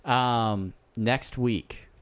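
A man's voice: mid-range voice, extremely slow, smooth. A man co-hosting a podcast, chatting casually and joking as he plugs the show and its social media. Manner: joking, relaxed plugging of the show. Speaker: podcast co-host.

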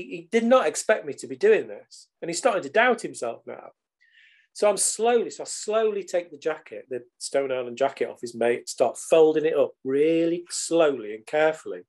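Middle-aged man, podcast guest, lively and casual, slightly high pitch. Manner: animated, casual swearing. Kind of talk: storytelling in conversation.

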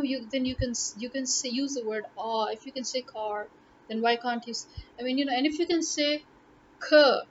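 A woman language tutor talks casually to the camera with emphasis, repeating words to hammer home her points. Her voice is high-pitched, and the audio sounds dull with a little hiss or hum.

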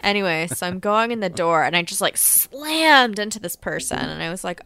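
A woman co-host of a podcast, telling stories in an excited casual chat, talking fast and swearing freely. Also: on the low side, vocal fry. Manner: fast, animated, laughing storyteller who swears freely.

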